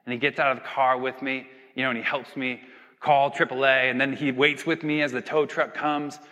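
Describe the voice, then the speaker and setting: A man's voice: mid-range voice, level tone, brisk, bright, forceful tone. A young man giving a sermon in a casual, conversational way, often checking in with "right?" and acting out little scenes with voices. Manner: conversational, tag questions, acts out little scenes. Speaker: pastor. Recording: reverberant hall.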